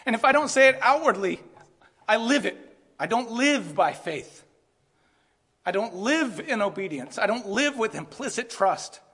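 High-voiced preacher in a reverberant hall. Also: male voice, expressive, unhurried, husky. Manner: earnest, rising to emphatic peaks then dropping to quiet asides. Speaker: pastor. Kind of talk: sermon.

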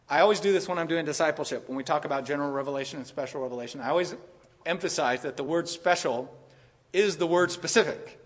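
An older male pastor delivers a sermon in a church sanctuary. His voice sits high and he leans hard on emphasis, sometimes pushing close to a shout. A long reverb trails each phrase. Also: fast. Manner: emphatic, rises to near shouting.

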